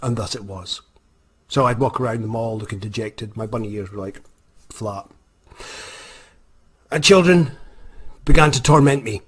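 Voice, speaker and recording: A Scottish man and author telling a comic story to camera in a wry, animated way. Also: on the low side, moderate pace, long pauses, slightly rough. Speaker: vlogger, author.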